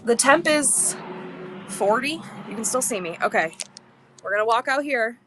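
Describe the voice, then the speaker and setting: A woman with a slightly high, animated voice speaks at a moderate pace, her tone a bit bright over a faint hiss or hum. She's a livestream seller hosting a casual stream, blunt and candid, swearing freely and rambling with lots of restarts.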